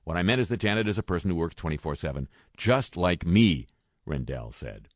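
Deep dry-voiced man reading news wryly. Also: sing-song, quick pace, dry recording. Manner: dry, sarcastic asides between read quotes. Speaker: radio news commentator. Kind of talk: wry spoken news roundup.

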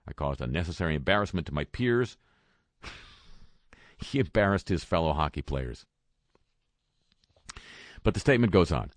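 A man's voice: sits low, lively intonation, normal speed, long pauses, no room sound. A man reading a news roundup with dry, sarcastic asides between quoted statements. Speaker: radio news commentator. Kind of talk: wry spoken news roundup.

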